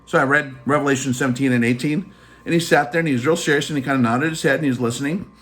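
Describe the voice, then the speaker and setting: A man's voice: medium pitch, rapid-fire, a bit bright. A man hosting a casual vlog, telling a personal story in a chatty way full of fillers. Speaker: channel host.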